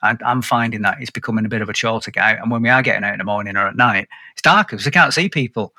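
Bright-voiced chatty man. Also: fairly low pitch, rapid-fire, dry recording. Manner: upbeat, chatty with restarts. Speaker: podcast host. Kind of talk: casual chat.

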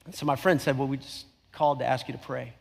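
A man's voice: medium pitch, fairly even intonation, fast talker, creaky, darkish tone. A middle-aged man preaching a sermon, telling a story in a conversational way with emphatic repetition. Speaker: pastor. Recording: long hall reverb.

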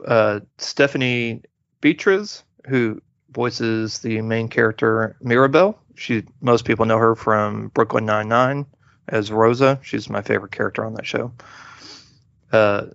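A man's voice: lowish voice, measured pace, creaky, a bit bright, no echo. Guy rambling through a movie review, lots of ums and restarts, dull dry lo-fi sound. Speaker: podcast host. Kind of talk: casual movie review chat.

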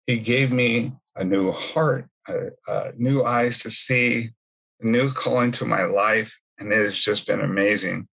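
A man's voice: fairly low pitch, steady tone, unhurried, gravelly, fairly bright tone, slightly rough. A man giving a personal faith testimony in a conversational storytelling way, full of asides. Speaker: speaker sharing his testimony.

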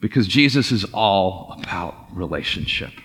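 In a church sanctuary, a pastor with a deep voice preaches a sermon at a moderate pace, telling the story casually and acting out quotes with lively flair. The large hall gives the recording a long reverb.

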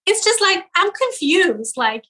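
A middle-aged woman from Iran, a social media creator talking in an interview in an animated way and checking in with the listener as she goes. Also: very high-pitched, poor audio. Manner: animated, talks in quick bursts and often checks in with "right?". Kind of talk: casual interview chat.

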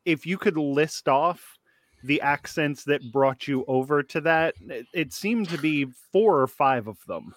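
A man's voice: fairly high pitch, lively intonation, measured pace, dry recording. Hesitant man asking a question. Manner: hesitant, with ums and restarts. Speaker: audience questioner in a comedy panel. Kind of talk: casual comedic Q&A.

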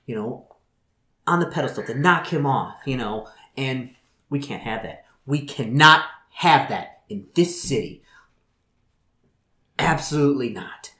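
A man's voice: mid-range voice, a bit bright. Brief: man playing a woman city boss, profane and scheming, stammers through orders; roomy room sound. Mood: commanding. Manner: stammering, repeats words, swears. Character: foul-mouthed woman city official, furious and scheming. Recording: roomy echo.

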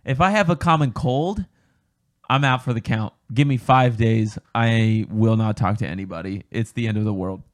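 A man's voice: lowish voice, normal speed. Joking young man co-hosting a podcast. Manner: joking, swearing, excitable. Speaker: podcast co-host. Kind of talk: casual chat.

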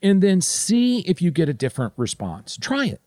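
A man speaking straight to the listener with career advice, animated, often restarting his sentences. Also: sits high, normal speed, dry recording, clean studio sound. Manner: animated, addresses listener directly with frequent restarts. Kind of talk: direct-to-camera advice talk.

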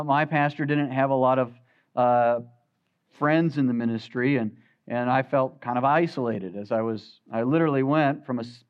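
A man preaching a sermon as pastor, swinging from loud emphatic peaks to quiet, low asides. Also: dull audio.

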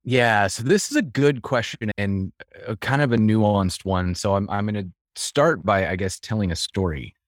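A man with a very low voice talks as a podcast guest in a reflective, storytelling way. He circles back and restarts phrases as he thinks. The sound is dry and close. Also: moderate pace, hardly any pauses, no echo. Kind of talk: conversational interview.

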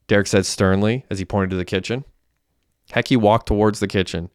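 Male audiobook narrator, steady plain reading, low voice, dry close recording. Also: fairly quick, clear, resonant tone, no echo.

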